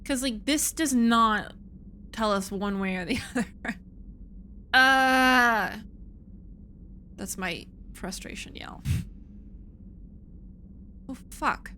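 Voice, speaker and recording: A woman's voice: medium pitch, slow, long pauses, a bit bright, slight background noise. A woman streaming a video game, chatting casually, frustrated and swearing freely. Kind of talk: casual let's-play commentary.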